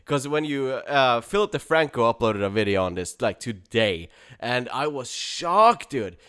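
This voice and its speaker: Animated swearing young man ranting on a podcast. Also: medium pitch, measured pace, clear, resonant tone. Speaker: podcast co-host. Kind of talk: casual podcast chat.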